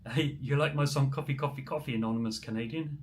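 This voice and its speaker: A chatty musician from New Zealand livestreams casually, speaking quickly in a medium-pitched voice. He answers viewer comments with many ums, and there is slight background noise.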